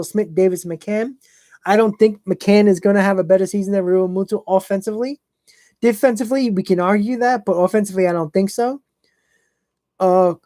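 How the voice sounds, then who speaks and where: A man's voice: high voice, mellow, no room sound. A man hosting a casual fan live stream, blunt and opinionated, talking to chat viewers by name.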